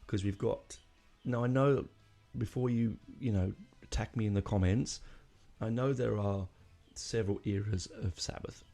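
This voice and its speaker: A man hosts a solo podcast in a low, gravelly voice. He rambles through his thoughts with fillers and restarts and lets his feelings show. His tone is mellow and dark. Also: moderate pace, hardly any pauses, soft background music. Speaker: podcast host. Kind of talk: casual solo podcast talk.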